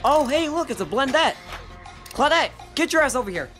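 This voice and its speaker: Excitable swearing gamer, wildly swinging pitch. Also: brisk, loud music behind the voice. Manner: excitable, swears a lot, taunts the enemy. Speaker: gamer doing live commentary. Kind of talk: casual gameplay commentary.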